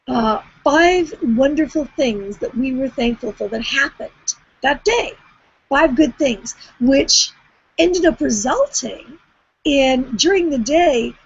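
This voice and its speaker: A woman's voice: high-pitched, slightly rough. A woman, talking casually in a group call, rambling and restarting often. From Canada. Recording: dull lo-fi sound.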